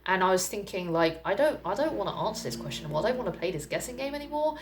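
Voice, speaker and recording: A woman's voice: medium pitch, big pitch swings, very fast. A young woman from England talking candidly to camera in a casual vlog, chatty, with fillers and laughter. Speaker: vlogger. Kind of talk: casual personal talk to camera.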